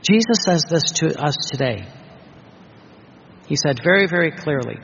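A man's voice: on the high side, lively intonation, normal speed, creaky, a bit bright, slight background noise. A man preaching a sermon, emphatic and full of rhetorical questions. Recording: dull reverberant hall recording.

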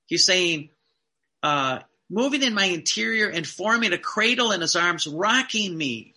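Male preacher, sermon delivery, earnest, gravelly, brilliant tone. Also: sits high, lively intonation, unhurried. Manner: earnest preaching, softens to a hush when quoting Jesus.

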